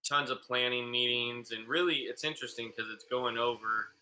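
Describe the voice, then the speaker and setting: Man, podcast co-host, bright forward tone, loose rambling delivery, casual chat. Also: medium pitch, slight background noise. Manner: relaxed, loose, many filler pauses.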